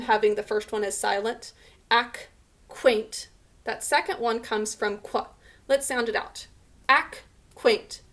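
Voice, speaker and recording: Patient teacher sounding out letters. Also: female voice, a little high. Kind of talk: remote spelling lesson for children.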